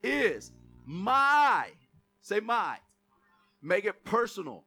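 A man delivers a sermon with a strikingly high, bright voice. He hits key words with emphasis, calls for responses, and drops casual jokes along the way. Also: sing-song, slow. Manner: call-and-response preaching with asides and jokes. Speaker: pastor.

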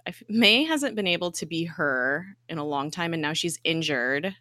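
A woman's voice: deep voice, animated, normal speed, pushed and bright, no room sound, studio quality. A young woman hosting a podcast, casually recapping a TV episode in a chatty way, with lots of "like" and "um" and the odd swear word. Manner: chatty, fillers like "like" and "um", swears freely.

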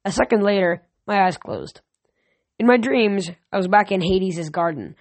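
A woman's voice: mid-range voice, moderate pace, no room sound. A woman reading a novel aloud in a plain way, now and then restarting a phrase. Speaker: audiobook reader.

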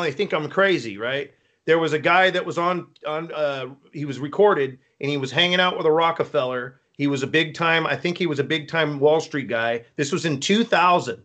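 A man hosting a live stream, chatting casually and telling rambling, animated stories. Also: a little high, moderate pace. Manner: rambling, animated storytelling with quoted voices. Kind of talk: casual chat.

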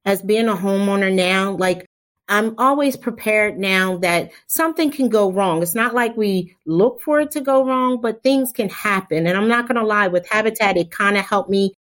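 A woman's voice: medium pitch, moderate pace, a bit bright. Earnest woman sharing candid stories. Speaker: repairs program manager. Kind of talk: podcast conversation.

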